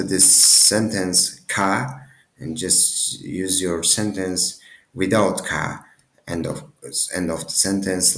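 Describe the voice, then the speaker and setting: Slow, gravelly low-voiced male teacher. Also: fairly bright tone, reverberant. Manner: halting, many restarts and self-corrections. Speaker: language teacher. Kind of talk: casual language lesson.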